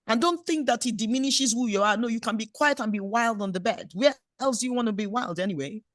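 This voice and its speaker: Woman, middle-aged, pastor, sermon, fairly high voice, dry, playful exhortation. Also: fast, dry recording. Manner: playful, exhorting preacher who acts out little scenes.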